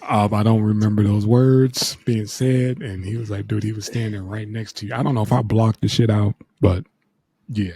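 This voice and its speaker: A man co-hosting a podcast, telling stories in a relaxed, rambling way. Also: fairly low pitch, moderate pace, gravelly, slightly rough. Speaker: podcast co-host. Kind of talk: casual storytelling.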